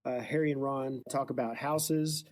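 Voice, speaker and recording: A man hosting a casual book podcast, retelling the plot playfully with quick joking asides. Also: medium pitch, fairly even intonation, darkish tone. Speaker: podcast host.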